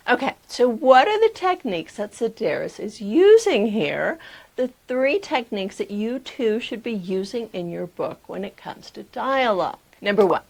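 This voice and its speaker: Female writing coach, slight vocal fry, emphatic instructional delivery. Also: fairly high pitch, big pitch swings, moderate pace, a little mellow. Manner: emphatic, clear teaching delivery. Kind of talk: instructional talk to camera.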